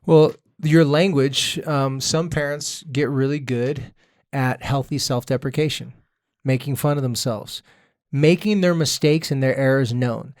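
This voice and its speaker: A man in his thirties, a therapist co-hosting a podcast, talking in a lively, jokey way and acting out quoted voices. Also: medium pitch, a little slow, dry recording, studio quality. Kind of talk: casual podcast chat.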